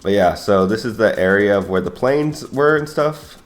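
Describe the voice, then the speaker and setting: A young man telling a wild story in a slangy, profane, excitable way, often calling his listeners bro. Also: lowish voice, normal speed, soft background music. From United States. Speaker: YouTuber and Air Force veteran. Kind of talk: casual storytelling.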